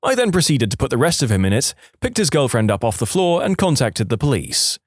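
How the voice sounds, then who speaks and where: Man, host narrator of reader stories, animated pitch, dry close sound. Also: a little fast, no room sound. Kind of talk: scripted narration.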